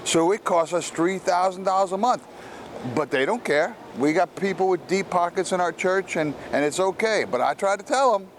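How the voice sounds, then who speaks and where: A man doing a loud, fidgety male custodian who rambles on without pause, his voice pushed a notch above an ordinary man's pitch. The figure is told as part of a spoken church story. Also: a little hiss or hum, natural voice. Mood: insistent. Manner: talks loudly and rambles, voice pitched up.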